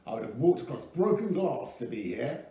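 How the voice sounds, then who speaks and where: A man doing a brash loud American tycoon. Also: a little high, big pitch swings, moderate pace, pitched above the performer's own voice. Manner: loud, pushy, flashy. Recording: echoey room, mic at a distance.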